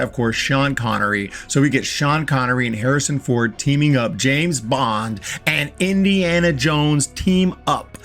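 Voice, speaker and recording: A man's voice: medium pitch, a bit bright. A man giving a casual, enthusiastic film review, often stumbling and repeating words as he talks. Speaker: movie reviewer.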